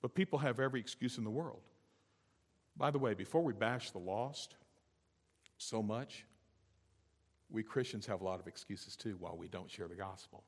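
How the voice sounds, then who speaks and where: A man preaching a sermon as a pastor, talking emphatically and building to loud, high exhortation. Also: normal speed, long pauses, big-room sound. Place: church sanctuary.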